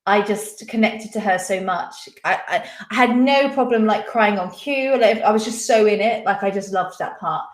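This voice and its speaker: A woman's voice: mid-range voice, normal speed, hardly any pauses, reverberant. A young woman hosting a live online quiz, chatting casually, giggling often and reading viewers' comments aloud. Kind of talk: casual live-stream chat.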